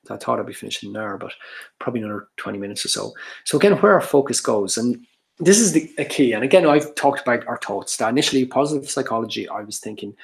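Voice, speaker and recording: A man with a gravelly, mid-pitched voice talks a live audience through ideas step by step. He is earnest and explanatory, often breaking off and restarting his sentences. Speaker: speaker on social anxiety. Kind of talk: live workshop talk.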